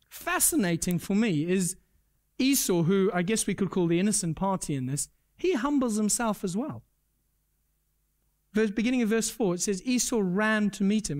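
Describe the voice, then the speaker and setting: A man preaching a sermon. He talks earnestly, repeats his key points, asks the congregation questions and pokes fun at himself. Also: sits high. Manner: self-deprecating humor. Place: church service.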